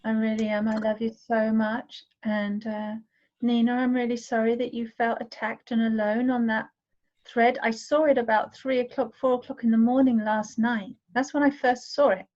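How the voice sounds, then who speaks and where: A woman's voice: a little high, flat delivery, moderate pace, a little mellow. A woman in a healing circle on a video call, speaking earnestly and affectionately to the others. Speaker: participant in a women's healing circle. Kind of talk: emotional sharing in an online circle. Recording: dull lo-fi sound.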